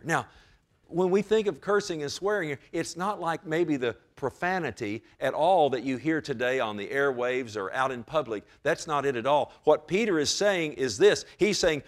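A man's voice: a little high, animated, moderate pace. A man preaching a sermon as pastor, with emphatic rises and direct calls to his congregation.

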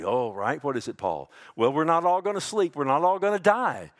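A man's voice: expressive, fairly quick. Impassioned preacher man, voice rising and falling. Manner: swings between hushed lows and loud emphatic highs; addresses listeners as "loved one", asks "amen?". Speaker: pastor. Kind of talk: sermon.

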